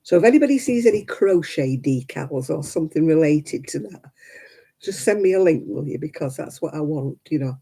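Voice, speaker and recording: A woman's voice: sits low, animated, normal speed, warm tone, slightly rough. An older woman chatting casually with viewers on a crafting livestream, rambling and laughing often. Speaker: livestream host. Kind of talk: casual live-chat crafting stream.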